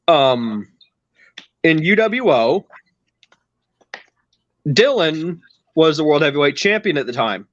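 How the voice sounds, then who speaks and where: A man's voice: a little high, fairly bright tone, dry recording. Man, podcast host, casual storytelling, rambling, teasing, muffled online call sound, dry. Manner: rambling, teasing, restarts a lot.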